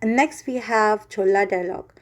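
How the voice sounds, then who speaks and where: A woman hosting a casual language video, chatty and full of pauses and fillers, breaking into quick Korean example phrases. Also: mid-range voice. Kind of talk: casual explainer.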